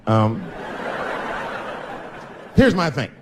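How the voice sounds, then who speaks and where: Stand-up comedian telling a story on stage. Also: male voice, mid-range voice, expressive, a little fast. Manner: storytelling, switching between loud punchlines and mumbled asides. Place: theater stage before a laughing audience. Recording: live show with audible room noise.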